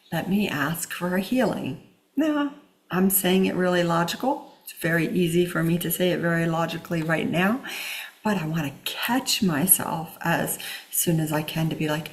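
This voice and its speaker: A woman leading a spiritual healing lesson, speaking in an unhurried way with many pauses and fillers and sometimes dropping to a soft whisper. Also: fairly low pitch. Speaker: healing teacher. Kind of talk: spiritual teaching talk.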